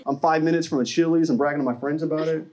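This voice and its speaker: A man's voice: on the high side, fairly even intonation, very fast, a little mellow, dull audio. A young man from Arkansas doing a stand-up comedy set, chatty and self-mocking, talking straight to the crowd. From Arkansas, USA. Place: comedy club stage.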